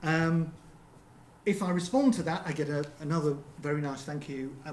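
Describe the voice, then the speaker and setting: A man's voice: mid-range voice, steady tone, moderate pace, a little mellow. Man giving a roomy seminar talk. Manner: conversational, frequent ums and rhetorical checks. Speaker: seminar presenter. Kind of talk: conference presentation. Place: theatre seminar room. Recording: roomy venue with faint background hum.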